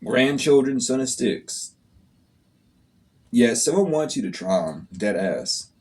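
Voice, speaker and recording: A man's voice: medium pitch, big pitch swings, slow pace, darkish tone. A man talking straight to his viewers as a spiritual reader, in a blunt, profane, scolding way. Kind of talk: casual monologue to viewers.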